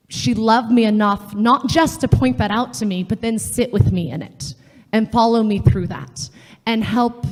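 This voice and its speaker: A woman gives a faith talk at a women's gathering, earnest and chatty, slipping into little acted voices when she quotes people. Her voice sits at an ordinary middle pitch and rings with the long reverb of a large hall or chapel. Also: darkish tone. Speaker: speaker at a women's session. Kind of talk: faith talk to a live audience.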